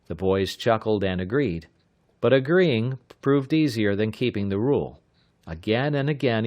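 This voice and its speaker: A man narrating an adventure audiobook in a measured, steady reading. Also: on the low side, no echo, studio quality. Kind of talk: scripted narration.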